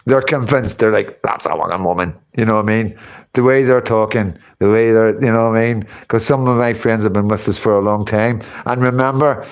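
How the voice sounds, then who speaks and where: Smooth and mid-range, this man's voice carries a relaxed livestream where he reads out the chat, rambles and chats, and often dissolves into laughter.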